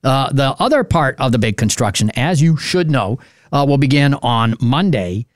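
Male local radio host, casual and rambling, lots of fillers, dry studio mic, mid pitch. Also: expressive, normal speed, no echo. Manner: chatty and rambling, many "uh" fillers.

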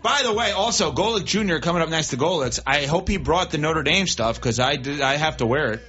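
A man's voice: fairly high pitch, brisk, highs cut off. A man co-hosting a sports talk show, joking around in casual banter. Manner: animated, joking. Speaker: sports radio co-host.

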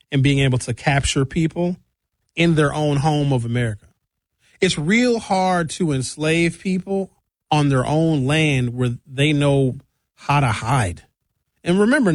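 Talk show guy, joking and riled up, slightly high voice, dry close sound. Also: no echo. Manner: animated, joking, opinionated. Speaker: host. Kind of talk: casual call-in commentary.

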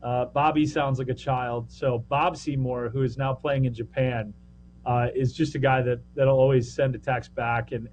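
A man's voice: mid-range voice, a little mellow, slight background noise. A man who works as a minor league baseball broadcaster, chatting casually on a podcast with a joking, rambling manner. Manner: chatty, joking, quick asides.

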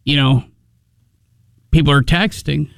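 A male radio host with a high voice that is gravelly yet smooth. He talks in an earnest, emotional way and pokes fun at himself. The sound is close and dry. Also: steady tone, slow, a bit bright, dry recording. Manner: earnest, emotional, self-mocking. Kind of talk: casual call-in radio banter.

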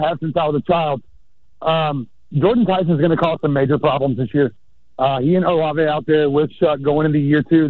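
A breathless man calls in over a tinny, dry phone line, speaking from outdoors on a golf course. His voice sits fairly high, and he rambles along with plenty of ums and uhs. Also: no echo. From South Mississippi, US Gulf Coast. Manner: rambling, lots of fillers. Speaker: caller. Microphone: phone call.

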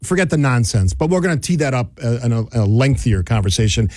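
A man's voice: mid-range voice, lively intonation, fast, darkish tone, no echo, studio quality. A man hosting talk radio in easygoing, wry chat.

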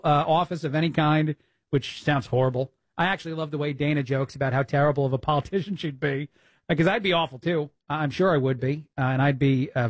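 A man hosts a talk radio show from a dry, close studio mic, his voice sitting a bit high for a man. He rants indignantly with many "uh" fillers and quick restarts. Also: no echo. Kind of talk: opinionated talk radio monologue.

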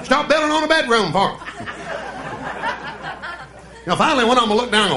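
A man's voice: very high-pitched, big pitch swings, fast talker. A man in his thirties with a Southern US accent doing folksy live stand-up comedy. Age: 30s. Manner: folksy storytelling, drawling. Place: comedy stage before a live audience. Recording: echoey live stage with crowd laughter.

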